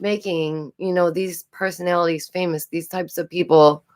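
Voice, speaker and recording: A woman's voice: lowish voice, fairly even intonation, normal speed, darkish tone. Chatty New York woman, stuffy nose. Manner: chatty, repeats phrases, giggles often. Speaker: commentary streamer. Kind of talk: casual live-stream commentary.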